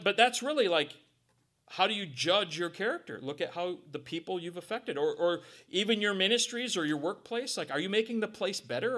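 A male pastor gives a loose, conversational sermon, his voice sitting high and leaping around in pitch. He jokes, acts out quotes and makes little sound effects. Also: pushed and bright.

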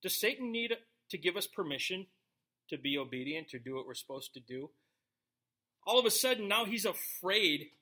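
A man with a high, bright voice leads a relaxed Bible study, reading verses and then talking them over. He jokes with the people listening in between. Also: normal speed. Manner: conversational, joking asides to the congregation. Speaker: pastor. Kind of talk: casual verse-by-verse Bible teaching.

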